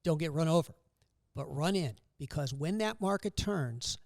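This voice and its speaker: A man's voice: on the high side, lively intonation, moderate pace, dry recording. An older man, a guest loan officer, telling joking, upbeat stories on a casual podcast.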